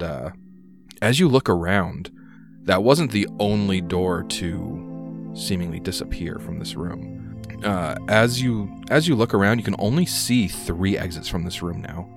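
A man narrating as game master, reading room descriptions with frequent "uh" hesitations. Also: deep voice.

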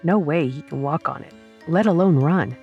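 A woman's voice: low voice, normal speed, lo-fi sound, faint music behind. A woman narrator voicing a tough, decisive young female student who speaks bluntly and urgently.

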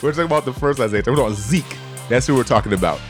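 A man's voice: mid-range voice, expressive, very fast. Playful man hosting over music. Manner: playful, teasing, laughs often. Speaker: podcast co-host. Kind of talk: casual podcast banter.

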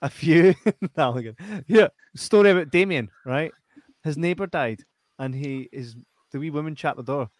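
A man's voice: fairly high pitch, normal speed, no echo. A man with a Scottish accent hosting a casual live stream, reading out chat messages with lots of laughter and banter. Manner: banters, laughs often, swears.

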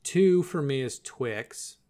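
A man with an ordinary middle-pitched voice co-hosts a live stream in easygoing chat. He rambles, trails off and picks his thread back up. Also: expressive, slow pace, dark tone. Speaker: podcast co-host.

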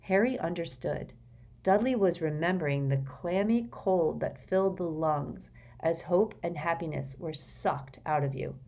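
Low-voiced woman reading a story. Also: measured pace, darkish tone. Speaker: audiobook narrator. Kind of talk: scripted narration.

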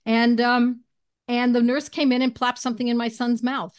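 A woman guest tells a personal story in an interview. Her voice sits a little high, and she is animated as she recounts events. She clears her throat now and then. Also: moderate pace. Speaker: guest, homeopathy educator.

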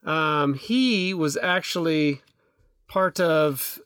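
A middle-aged man talking in a casual chat, rambling as he goes, with plenty of restarts and filler words. His voice sits a little high for a man. The sound is dry and close, with no room to it. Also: very slow, a bit bright, clear, resonant tone, dry recording. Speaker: podcast co-host.

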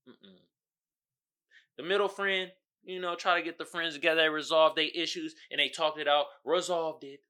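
A male podcast host giving casual, slangy commentary, animated and often asking "you feel me". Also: on the high side, normal speed, clean tone. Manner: animated, acts out quotes loudly.

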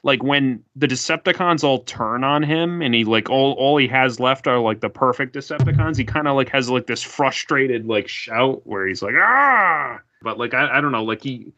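A man co-hosting a podcast in a bright, forceful voice, chatting casually and leaning on "like" in almost every phrase. The recording is dull and lo-fi. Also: mid-range voice, normal speed, hardly any pauses. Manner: filler-heavy, says like constantly. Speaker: podcast co-host. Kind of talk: casual chat. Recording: dull lo-fi sound.

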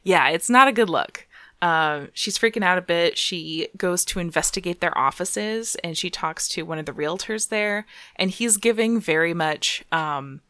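Young woman, casual podcast host, slightly low voice, giggly, filler-heavy, dry close sound. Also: normal speed, sharp tone, no room sound. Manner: chatty, giggly, many fillers. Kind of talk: casual chat.

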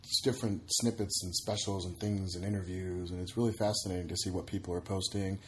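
A man's voice: sits low, fairly even intonation, quick pace. A man, a comedian and podcast guest, chatting casually and acting out voices in his stories. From Egypt / United States. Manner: storytelling, acts out voices in anecdotes.

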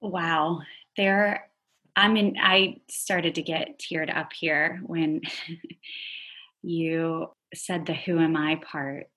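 A woman hosting an interview, reflecting on her guest's story in a warm, thoughtful way. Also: sits low, fairly even intonation, very slow. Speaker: podcast host. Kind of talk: casual interview chat.

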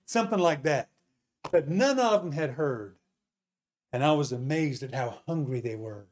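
A man preaching, telling a testimony story as an animated storyteller who asks his listeners questions. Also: on the high side, moderate pace.

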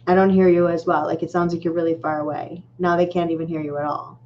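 Female co-host, lowish voice, relaxed, dull lo-fi line. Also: fast talker. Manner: easygoing, laughs often. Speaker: podcast co-host. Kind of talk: casual chat. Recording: muffled lo-fi call with faint noise.

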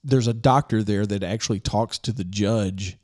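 A man's voice: fairly low pitch, moderate pace, darkish tone. A man co-hosting a casual movie podcast, retelling a story at length with lots of "you know" and restarts. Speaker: podcast co-host.

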